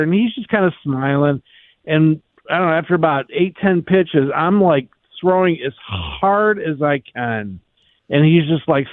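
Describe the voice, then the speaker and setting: A man telling a rambling, animated story on a sports radio show, packed with "like" and "you know.". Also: fairly high pitch, no room sound. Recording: tinny phone-like line.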